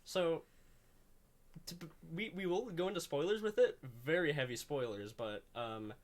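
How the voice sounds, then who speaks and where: A man's voice: fairly high pitch, measured pace. A young man hosting a casual chat, rambling with lots of fillers and the odd curse. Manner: rambling, full of "like" fillers and swearing. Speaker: host.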